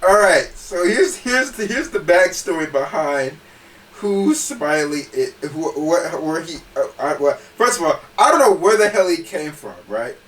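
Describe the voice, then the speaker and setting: A male podcast host who keeps breaking into laughter and tripping over his restarts. His voice sits high and swings widely in pitch. It sounds bright and a little distant from the microphone. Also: a little slow, a little hiss or hum. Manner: laughs often, stammers and restarts, animated. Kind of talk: casual podcast chat.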